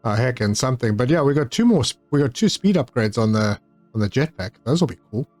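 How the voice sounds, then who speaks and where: A man's voice: medium pitch, lively intonation, fast talker, darkish tone, no echo, soft background music. A man giving casual, easygoing commentary while playing a building game, thinking aloud and talking to himself as he goes. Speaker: gaming channel host.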